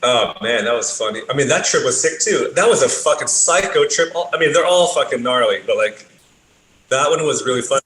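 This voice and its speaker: A podcast guest tells stories in a laid-back, casual way, swearing a lot and using many fillers. His medium-pitched voice is expressive, a bit bright and fairly quick, and the room sounds roomy with faint ambient noise.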